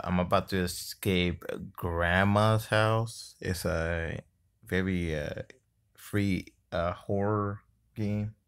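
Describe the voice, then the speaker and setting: A man's voice: fairly low pitch, fairly bright tone, clear, resonant tone. A man giving casual let's-play commentary on a mobile game, exasperated and cursing at it, sometimes mocking the enemy, recorded on a phone mic. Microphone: phone screen-recorder mic.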